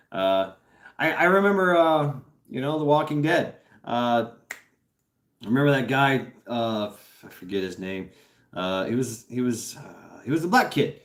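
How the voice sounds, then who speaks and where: In a room with noticeable echo, a man hosts a casual livestream, reading chat aloud and rambling with laughter, swearing, and many fillers. His mid-range voice is very animated and fairly bright, his pace unhurried, with long pauses.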